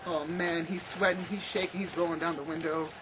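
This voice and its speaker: A man telling a comic story at a campfire, animated with many stammering restarts. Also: on the high side, fairly quick. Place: outdoor campfire at night. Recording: noisy outdoor camp recording.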